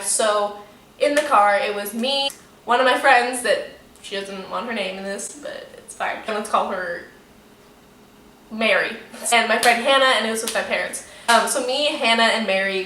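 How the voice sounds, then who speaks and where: A young woman telling a story to camera in a casual, animated way, swearing freely and saying "like" a lot. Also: a little high, a little hiss or hum. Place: room in front of a window. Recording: echoey room, mic a bit distant.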